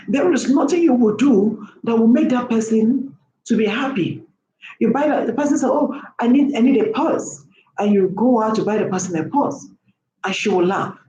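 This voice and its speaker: A woman's voice: fairly high pitch, dark tone, dull audio. A woman delivers a passionate vlog monologue. She lectures the listener and hammers home her points with repeated rhetorical questions. Her voice bounces around a roomy space over a faint background hum. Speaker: vlogger. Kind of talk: impassioned opinion monologue.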